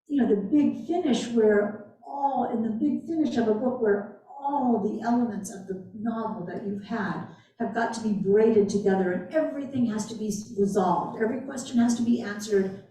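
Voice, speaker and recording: A woman author answering audience questions at a library talk, animated and emphatic, often repeating her phrases. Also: a little high. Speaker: guest author. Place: library event room. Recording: echoey room, distant mic.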